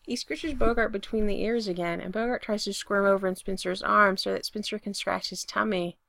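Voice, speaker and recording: A woman narrating a romance story aloud with an expressive, intimate reading. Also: medium pitch, a little fast, gravelly, no echo. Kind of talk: reading fan fiction aloud.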